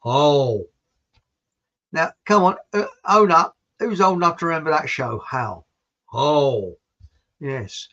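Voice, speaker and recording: A man's voice: medium pitch, animated, slow pace, long pauses, pushed and bright, dull audio. A man hosting a livestream, chatting in a meandering, rambling way and often repeating himself. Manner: chatty, meandering, repeats words, drifts between topics. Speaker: livestream host reading viewer comments. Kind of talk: rambling casual monologue.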